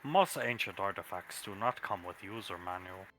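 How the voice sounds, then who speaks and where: A man's voice: low voice, normal speed, a bit bright, faint music behind, voice pushed down. A man voicing a brutish, dim-witted male creature who speaks in broken grammar. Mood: gruff. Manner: caveman-style broken grammar, gruff.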